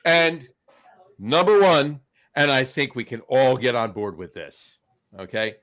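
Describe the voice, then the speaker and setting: A man from New Jersey co-hosting a podcast, playfully delivering a mock campaign speech with stretched pauses. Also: medium pitch, a bit bright. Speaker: podcast co-host.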